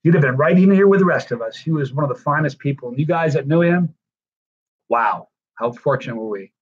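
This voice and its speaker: Husky, tired man thanking his viewers. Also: a little high, expressive, brisk. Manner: effusive, rambling thank-yous to viewers. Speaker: livestream host. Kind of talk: casual livestream chat. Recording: dull lo-fi stream audio.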